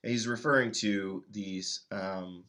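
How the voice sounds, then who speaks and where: A man co-hosting a casual Bible-study chat, asking questions in a halting way, searching for words. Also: fairly low pitch, fairly even intonation, bright, forceful tone. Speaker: podcast co-host asking about weekly readings.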